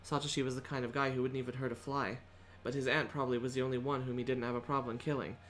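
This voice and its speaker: A woman streamer reading a visual novel's narration aloud in a subdued, measured way. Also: extremely low pitch, flat delivery, a little hiss or hum.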